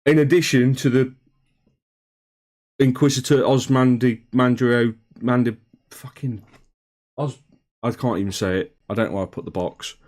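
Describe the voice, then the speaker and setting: A man's voice: medium pitch, fairly even intonation, moderate pace, pauses often, darkish tone. A man chatting casually on a live hobby stream, greeting viewers by name, calling them mate and swearing now and then. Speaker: streamer reading chat. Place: home hobby room.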